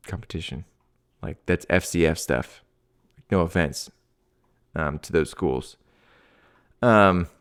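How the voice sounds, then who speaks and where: A man's voice: low voice, clean tone. A man, a swim coach hosting a show, giving casual sports commentary in a loose, slangy way that grows heated. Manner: casual, heavy with "like" and "dude", grows heated and ranting.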